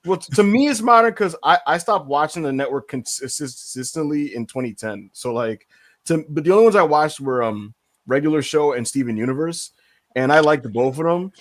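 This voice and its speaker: Lively animated young man chatting. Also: a little high, moderate pace, no echo. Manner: animated, laughing, swears freely. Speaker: podcast co-host. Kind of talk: casual chat.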